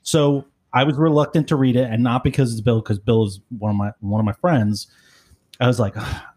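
A man's voice: mid-range voice, fairly even intonation, brisk, a little mellow. A middle-aged man hosting a podcast, talking casually and rambling with lots of fillers and self-deprecating remarks. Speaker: podcast host. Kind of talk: casual chat.

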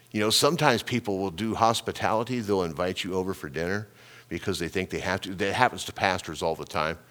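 A middle-aged male pastor preaching a sermon, telling a personal story with animated delivery, repeated words and sound effects. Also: deep voice.

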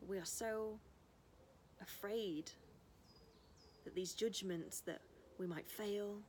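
A woman's voice: medium pitch, fairly even intonation, takes it slowly, a little mellow, slight background noise. A young woman talking in an earnest, rambling way as a vlogger, sometimes baby-talking to dogs. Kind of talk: casual spiritual vlog. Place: house, indoors and outdoors with dogs.

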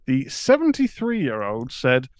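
A man's voice: medium pitch, huge pitch swings, takes it slowly, no echo. A man co-hosting a podcast, reading news items aloud and laughing often. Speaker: co-host. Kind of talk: casual chat, reading news.

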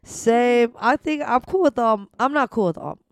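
A woman's voice: on the high side, normal speed, smooth, no echo. A young woman co-hosting a podcast, reacting often with laughter in casual chat. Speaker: podcast co-host.

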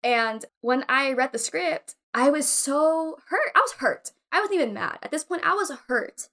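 A woman's voice: sits high, normal speed. A young woman from Texas, an actress, chatting casually and telling a story with lots of laughter. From Texas, USA. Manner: animated storytelling, acts out other people in squealing voices, laughs often. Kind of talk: casual podcast chat.

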